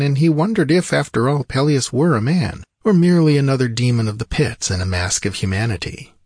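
A man giving a steady, measured scripted narration of a fantasy story. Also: lowish voice, breathy edge, dry recording, studio quality.

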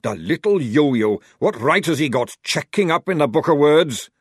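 A gruff old sergeant, played by a male reader, blustering and loud, full of indignant grumbling. His voice swings widely in pitch, recorded dry and close. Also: animated, moderate pace, no room sound, close to an everyday voice.

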